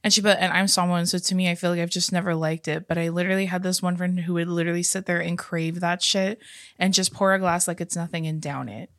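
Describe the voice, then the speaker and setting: A woman's voice: fairly low pitch, steady tone, quick pace, fairly bright tone, no room sound, clean studio sound. A young woman co-hosting a casual podcast, reading out listener stories with a giggly, teasing manner. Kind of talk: casual chat.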